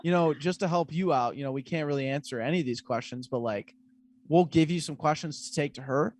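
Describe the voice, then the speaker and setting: A man's voice: fairly high pitch, a little fast, a little mellow. A man hosting a podcast, chatting casually in a jokey, rambling way. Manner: jokey, rambling, many fillers. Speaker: podcast host.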